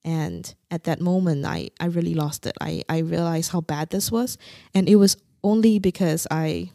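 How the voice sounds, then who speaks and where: A young woman from Singapore calmly and candidly telling a painful personal story as a podcast guest. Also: lowish voice, normal speed, no room sound. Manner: candid, quietly recounting painful memories.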